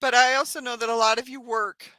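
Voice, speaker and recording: A woman hosting a live stream for her yarn craft channel, tearful and crying, talking in a halting, sighing, apologetic way. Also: on the high side, fairly even intonation, bright, forceful tone, no echo.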